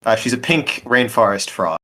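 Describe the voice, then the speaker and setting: A man playing a tabletop game, describing his ideas in a halting, laid-back way full of fillers. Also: medium pitch, expressive, sharp tone. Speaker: player. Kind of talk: casual tabletop game chat.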